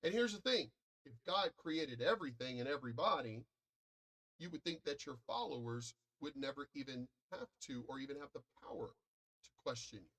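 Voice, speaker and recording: A man's voice: medium pitch, lively intonation, moderate pace, fairly bright tone. An American man in a profane, combative and boastful ranting monologue, commenting online. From United States.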